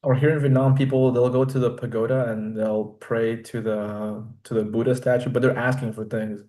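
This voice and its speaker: A man hosting a podcast, talking in a relaxed, reflective way with frequent fillers. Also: mid-range voice, normal speed. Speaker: podcast host. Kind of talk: casual conversation.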